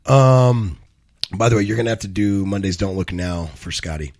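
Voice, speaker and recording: This man has a lowish, somewhat mellow voice and a moderate pace. Co-hosting a live cannabis news show, he rambles and swears through banter and news commentary, often correcting himself mid-sentence.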